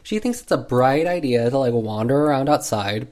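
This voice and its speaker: A man's voice: medium pitch, expressive, moderate pace, a little mellow. A man retelling an old film in a casual, sarcastic way, full of 'like' fillers. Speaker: movie recap host. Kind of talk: casual movie recap.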